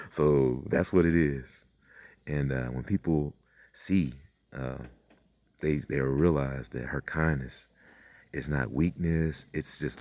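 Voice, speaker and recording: A man's voice: extremely low pitch, steady tone, unhurried, darkish tone, dry recording. A man hosting his own channel, talking in a meandering, profane monologue full of fillers and acted-out quotes. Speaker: channel host. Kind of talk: rambling spiritual monologue.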